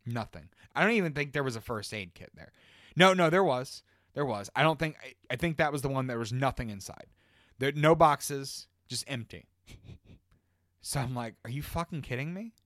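Male podcast co-host, mid-pitched, swears a lot, rambling storyteller, dead-dry room. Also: moderate pace, no room sound. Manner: profane, rambling, animated retelling. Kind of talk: casual storytelling chat.

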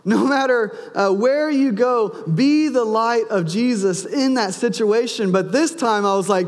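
A man's voice: very high voice, a little slow, few pauses. A man in his thirties, a pastor preaching a sermon, telling a personal story and acting out his son's lines and his own. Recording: long hall reverb.

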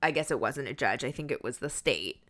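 A woman's voice: very deep voice, lively intonation, a little fast, fairly bright tone. A woman comedian co-hosting a podcast, talking casually with lots of fillers and restarts. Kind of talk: casual chat.

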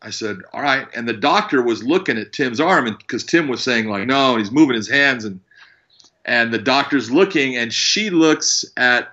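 A man who works as a fight referee, telling animated stories and acting out what people said. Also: medium pitch, normal speed, highs cut off. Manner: animated storyteller, acts out quotes. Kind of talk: casual storytelling.

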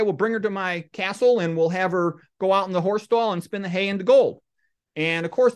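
A middle-aged man hosts a podcast and talks his way through comic stories and quotes. His delivery stays deadpan and wanders into rambling asides. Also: high voice. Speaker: podcast host. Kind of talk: comic monologue and storytelling.

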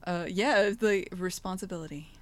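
A woman's voice: lowish voice, moderate pace. Rambling, joking woman podcast co-host. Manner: rambling, joking, lots of fillers and swearing. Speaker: podcast co-host, game developer. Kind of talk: casual chat.

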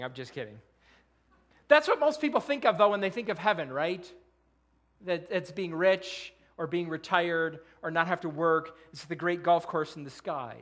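High-voiced man preaching a sermon. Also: a bit bright. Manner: earnest, quotes scripture, asks rhetorical questions. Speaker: pastor.

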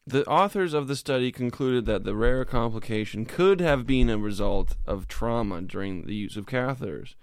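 A man's voice: lively intonation, normal speed, hardly any pauses, smooth, no echo, studio quality. A man co-hosting a crude comedy podcast, reading news articles aloud with mock seriousness and joking between them. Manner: reads news articles aloud with mock gravity, jumps into squealing high voices. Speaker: podcast co-host.

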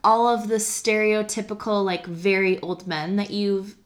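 A woman's voice: medium pitch, little pitch movement, unhurried. Young woman laughing through movie chat. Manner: casual, laughing, frequent "like". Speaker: podcast co-host. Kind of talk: casual film discussion.

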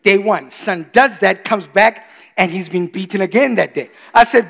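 A man in his thirties preaching a sermon, animated, swinging between quiet confiding asides and loud exclamations. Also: sits high, normal speed, vocal fry. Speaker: pastor. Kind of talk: sermon with storytelling. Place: church. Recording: reverberant church hall.

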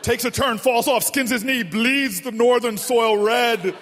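A man putting on a grandiose, booming documentary narrator voice, slow and solemn, in a large public hall. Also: steady tone, fairly bright tone, full character voice. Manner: slow, solemn, dramatic delivery. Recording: reverberant hall from far off.

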